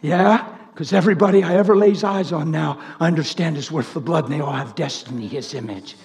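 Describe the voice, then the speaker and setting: A male preacher delivering a fervent, excitable sermon, swinging between shouting and hushed tones. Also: fairly high pitch, fairly quick. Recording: reverberant hall.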